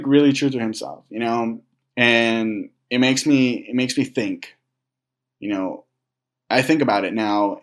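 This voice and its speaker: A young man telling a candid personal story to his viewers, halting and reflective, with many restarts, fillers and casual swearing. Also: mid-range voice. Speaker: vlogger.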